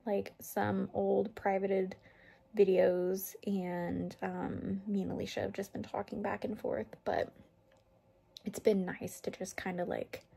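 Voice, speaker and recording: Slow, gravelly-voiced young woman vlogging. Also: medium pitch. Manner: relaxed, chatty, laughs easily. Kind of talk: casual vlog chat. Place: home kitchen.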